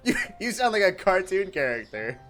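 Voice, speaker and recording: A male streamer in his thirties or forties talks in an unhurried, drawn-out way, his voice sitting a little high and swinging widely in pitch. He laughs a lot and teases his chat with self-mocking jokes. Faint music plays behind him. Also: big pitch swings, a bit bright. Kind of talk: casual chat reading viewer messages.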